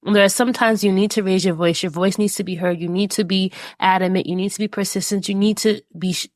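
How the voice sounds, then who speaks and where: A woman hosts her own podcast and shares lessons in an earnest, encouraging way. Her pitch sits in the middle range. The sound is close and dry, with no room around her. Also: fairly even intonation, a little fast, no echo. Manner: earnest, encouraging, with many fillers. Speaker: podcast host. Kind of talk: reflective personal talk.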